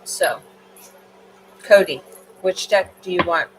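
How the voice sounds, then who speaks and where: A woman's voice: fairly low pitch, takes it slowly, background noise. Tired, chatty woman reading tarot. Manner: rambling, chatty, with fillers. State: tired, late at night. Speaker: tarot card reader. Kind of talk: casual livestream card reading.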